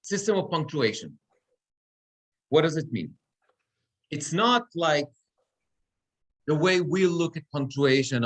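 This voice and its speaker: A man's voice: on the high side, sing-song, measured pace, long pauses. A cantor teaching Torah reading in a classroom, explaining step by step and checking in with his students often. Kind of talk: classroom lecture. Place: synagogue classroom.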